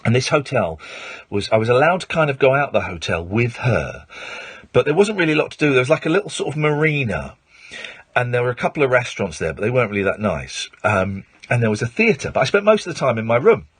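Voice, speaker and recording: A man's voice: mid-range voice, sing-song, fast talker, fairly bright tone, slightly rough, no echo. A man hosting late-night radio, telling a rambling story full of fillers and restarts into a studio microphone. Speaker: radio host.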